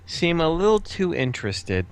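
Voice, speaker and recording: A man's voice: fairly high pitch, very animated, moderate pace, clean tone. A man talking as a player in a tabletop game, upbeat and chatty. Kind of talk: casual tabletop game talk.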